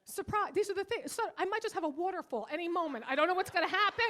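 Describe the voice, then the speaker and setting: An older woman doing a bawdy stand-up comedy set, brash and teasing, swinging between loud outbursts and quiet asides. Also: extremely high pitch, expressive, racing. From Irish. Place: comedy club stage.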